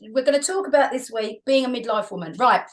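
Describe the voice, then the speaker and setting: A woman's voice: a little high, fast talker. A woman in her fifties co-hosting a podcast in casual chat, bubbly, laughing often and cutting in. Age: 50s. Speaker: podcast co-host.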